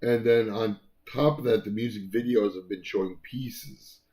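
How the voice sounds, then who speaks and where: A man's voice: lowish voice, normal speed, dark tone. A man co-hosting a casual album review chat, talking in a rambling way with many fillers and restarts.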